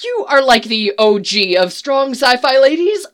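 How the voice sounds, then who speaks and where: A woman's voice: sits high, very animated, measured pace. A woman voicing a clumsy young man who gushes at his hero. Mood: starstruck. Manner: gushing, babbling.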